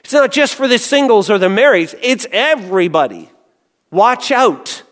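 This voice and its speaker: A male pastor delivers a sermon in a slightly raised voice. He drops to quiet, low phrases, then bursts into loud calls. The long reverb of a big hall trails behind his words. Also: big pitch swings, a little fast. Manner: swings from hushed to loud exclamations.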